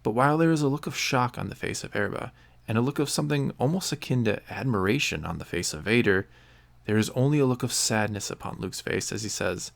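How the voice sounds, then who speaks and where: A man narrating a story aloud in a steady, descriptive way. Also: mid-range voice, a little fast, gravelly.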